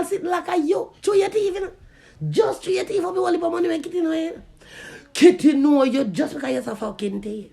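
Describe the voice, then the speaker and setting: Jamaican man, high raspy-edged voice, furious cussing vlog rant, lots of yelling. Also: animated, brisk. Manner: loud, profane, often shouting. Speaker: vlogger. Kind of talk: angry cussing rant to camera.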